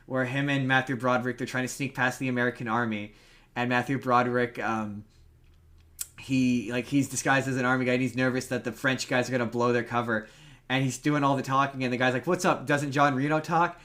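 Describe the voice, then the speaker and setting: A man's voice: mid-range voice, level tone, fairly quick, pushed and bright. A man co-hosting a podcast over a remote call, chatting about movies in a rambling way, with lots of restarts and fillers. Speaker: podcast co-host. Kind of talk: casual movie chat.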